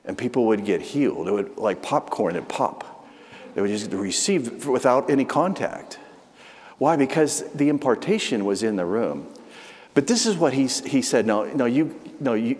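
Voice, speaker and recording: A man preaching a storytelling testimony, with frequent restarts and animated emphasis. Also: on the low side. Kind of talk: testimony sermon. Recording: long hall reverb.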